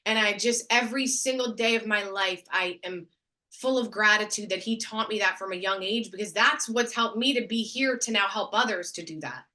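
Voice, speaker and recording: A woman being interviewed as a guest on a video call, talking in an enthusiastic, expressive way. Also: medium pitch, normal speed. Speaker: guest, actress and speaker. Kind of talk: casual interview.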